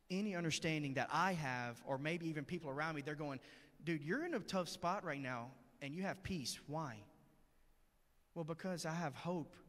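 In a church sanctuary, a man with a fairly high, somewhat bright voice preaches a sermon, telling a story in an earnest, conversational manner. The recording carries a long hall reverb.

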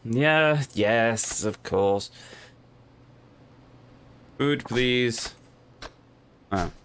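A man's voice: mid-range voice, drawn-out words, a bit bright, a little hiss or hum. A man casually commenting while playing a game, muttering to himself with dry jokes. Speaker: let's play host.

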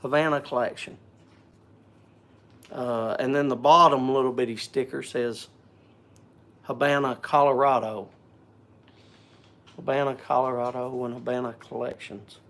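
A man's voice: medium pitch, steady tone, unhurried, pauses often, a bit bright. A man hosting a casual live stream, joking and chatting, greeting viewers by name, often repeating and stumbling over words.

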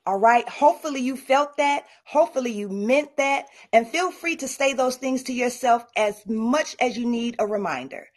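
A woman's voice: on the high side, normal speed, few pauses. A middle-aged woman giving a motivational talk at an online summit and coaching her audience directly. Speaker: speaker.

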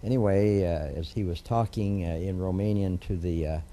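A man's voice: deep voice, normal speed, mellow. An older man, a judge being interviewed, telling a long family story in a rambling way with many fillers and restarts. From United States. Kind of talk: oral history interview storytelling.

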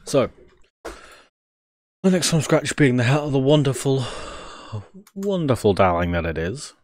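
A man's voice: mid-range voice, animated, unhurried, no echo, studio quality. A young man streaming live, joking, swearing freely and thinking aloud as he works. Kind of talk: casual live-stream commentary.

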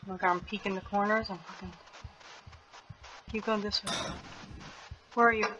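A young woman playing a horror game with a friend, talking in quick frantic bursts, gasping, swearing and shouting warnings. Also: medium pitch, fairly even intonation, dull audio, slight background noise. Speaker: gamer.

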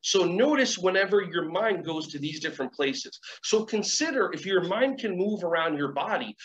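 A man with a fairly high voice teaches from home in a loose, rambling way, acting out little quoted voices as he goes. The sound is dull and lo-fi, with a faint hum of ambience behind him. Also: animated, normal speed, a bit bright. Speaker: educator leading a webinar. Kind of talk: casual teaching talk with guided exercises.

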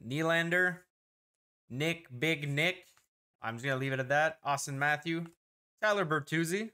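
This is casual commentary from a man opening hockey card packs: he lists players rapidly and keeps exclaiming in excitement. His forceful, bright voice is pitched a little high for a man.

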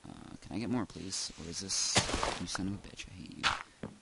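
Low-pitched with vocal fry and a slightly fast pace, a young man commentates his game at home, rambling goofily to himself in casual let's-play style. Heavy background noise hiss fills the recording.

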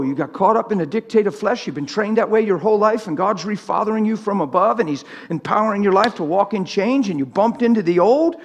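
A man's voice: high voice, expressive, brisk, long reverb tail. A middle-aged man preaching a live sermon in a church, plain-spoken and teasing, laughing along with the crowd.

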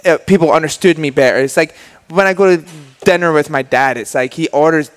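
Scottish guy on a podcast, smooth clear voice, a bit high, rambly and laughing. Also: a little fast, in a large hall. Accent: Scottish, softened by years in Canada. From Scotland. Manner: chatty, laughs often, filler-heavy. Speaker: podcast guest. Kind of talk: casual interview chat.

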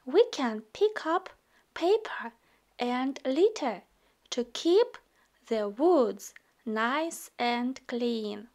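A woman reading a children's picture book aloud into a phone, slow and gentle, with some words hushed. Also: high-pitched, expressive. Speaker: storybook reader.

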